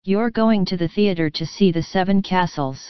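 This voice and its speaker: A coaxing, spoiled little sister who pleads and whines to get her way, read by a woman. The voice sits low, very smooth and clear, dry and close, on slightly dull audio. The reading keeps a storybook feel. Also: normal speed, no echo, natural voice. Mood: pleading. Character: whiny spoiled youngest sister, a young girl.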